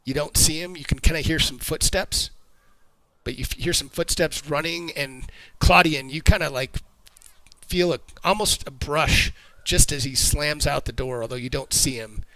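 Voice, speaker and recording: A man running a tabletop game as game master, narrating in loose, halting, conversational bursts. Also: fairly high pitch, bright, forceful tone, dry recording, poor audio.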